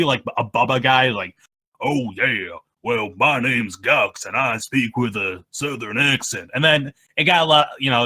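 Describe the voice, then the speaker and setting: A man being interviewed about his machinima videos, talking in a rambling, halting way that trails off mid-sentence. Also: mid-range voice, pushed and bright. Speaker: machinima creator, interview guest. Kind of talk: casual interview chat.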